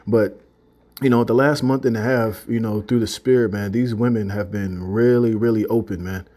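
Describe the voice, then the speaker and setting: A man's voice: lowish voice, steady tone, moderate pace, mellow. A man giving a loose, conversational religious testimony to his listeners, full of "you know" and "man". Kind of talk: casual spoken testimony.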